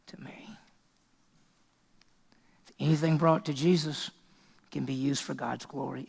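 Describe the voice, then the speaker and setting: A man's voice: fairly high pitch, gravelly, a little mellow. A male pastor preaching a sermon in a conversational way, often restarting and repeating words.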